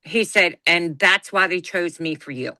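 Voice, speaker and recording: A woman's voice: lowish voice, unhurried, no room sound. A middle-aged woman, telling a personal story on a podcast and acting out the quoted lines as she goes. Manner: animated retelling, acts out quoted dialogue. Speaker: podcast co-host.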